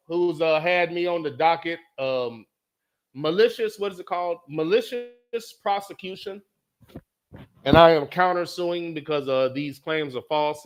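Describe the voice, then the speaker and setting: Profane storytelling man, animated. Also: a little high. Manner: animated, profane, repeats lines for emphasis. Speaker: podcast host. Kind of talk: casual storytelling monologue.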